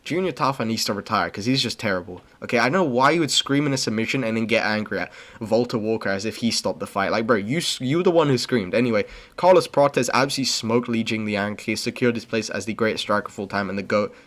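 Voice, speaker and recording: A young man who hosts an MMA commentary channel recaps fights fast, with hardly any pauses, in a fairly low, fairly bright voice. Rambling, blunt and opinionated, he peppers his talk with slang and fillers, saying "bro" and "okay" constantly.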